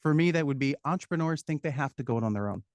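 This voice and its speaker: A man, a business consultant, talking as a guest in a studio interview, lively and explaining with examples. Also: a little high, very fast, no echo. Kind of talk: casual interview chat.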